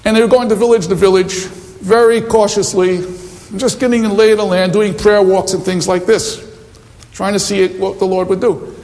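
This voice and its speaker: A man preaches a sermon, moving between teaching and mission anecdotes with chatty asides. His voice sits high and carries a gravelly edge. The recording has the long reverb of a hall around him. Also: level tone, moderate pace, darkish tone. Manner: anecdotal, conversational, many asides. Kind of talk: sermon with storytelling.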